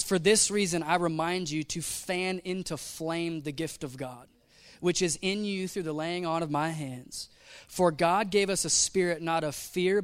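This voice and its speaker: A male pastor delivering a lively sermon, chatty and full of slang, slipping into little acted-out asides. His voice sits high for a man and bounces around as he tells the story. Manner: casual, animated preaching with slang and acted-out asides.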